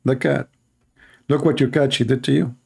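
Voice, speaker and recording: A man's voice: mid-range voice, fairly even intonation, normal speed, gravelly, husky. A man hosting a live stream, mocking and sarcastic, in broken English. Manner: sarcastic, mocking, non-native English grammar. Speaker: debate stream host.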